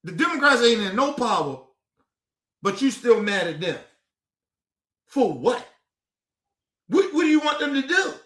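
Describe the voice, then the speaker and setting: High-pitched ranting man, echoey room. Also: big pitch swings, a little slow, pauses often. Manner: profane, exasperated ranting, rising to shouts. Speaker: political commentary streamer. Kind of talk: casual heated commentary.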